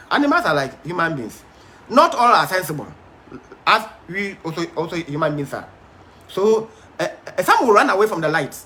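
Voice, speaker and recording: A man's voice: high voice, bright, forceful tone. A man teaching a Bible study, emphatic but hesitant, with frequent fillers and restarts.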